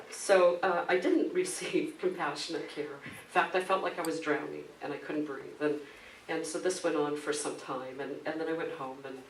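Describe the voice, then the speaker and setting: A woman's voice: sits low, slight background noise. A middle-aged woman minister preaching a conversational sermon, telling a personal story with frequent laughs. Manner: animated storytelling, laughs often, acts out quoted voices. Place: church sanctuary. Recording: echoey room, mic at a distance.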